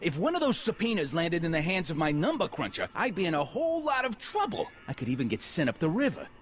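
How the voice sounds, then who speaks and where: An actor playing a brash young gangster boss who barks threats and orders in a video game. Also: male voice, fairly high pitch, wildly swooping pitch, quick pace. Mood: menacing.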